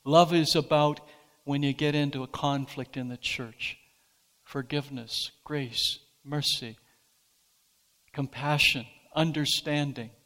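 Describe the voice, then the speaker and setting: A pastor preaching a sermon, speaking slowly and deliberately and rising to emphatic peaks. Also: male voice, mid-range voice, fairly even intonation, bright, forceful tone, in a large hall.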